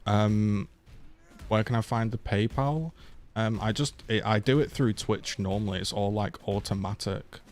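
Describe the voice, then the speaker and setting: A man's voice: fairly low pitch, a little slow, darkish tone. A young man chatting casually on a game live stream, swearing freely and thanking viewers for donations.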